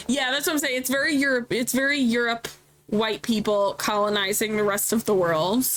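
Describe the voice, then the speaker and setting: A woman's voice: a little high, steady tone, normal speed, fairly bright tone, faint music behind, poor audio. A woman in her thirties chatting casually as a streamer while playing a video game, candid and talkative. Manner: chatty and candid, reacts aloud. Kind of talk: casual gameplay commentary.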